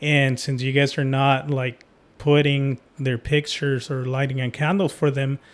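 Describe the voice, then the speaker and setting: A man's voice: medium pitch, measured pace. Laid-back man hosting a podcast. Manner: relaxed, reflective, many fillers. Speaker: podcast host. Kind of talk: casual chat.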